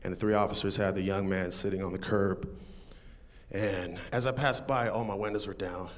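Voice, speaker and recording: A man's voice: sits low, steady tone, normal speed. Amused man telling a live story. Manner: conversational, amused, with chuckles. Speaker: stand-up comedian telling a story.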